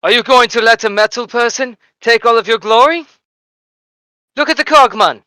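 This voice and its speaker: A man's voice: extremely high pitch, normal speed, bright, forceful tone, clean tone, no echo, pitched above the performer's own voice. A man voicing a stern male commissar who barks clipped orders at his troops. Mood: goading.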